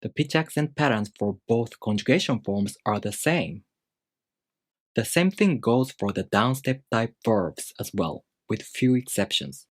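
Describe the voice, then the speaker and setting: A man teaching a language lesson in a calm, methodical way, explaining step by step and saying example words aloud. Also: medium pitch, a little slow, dry recording, studio quality. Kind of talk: instructional video lesson.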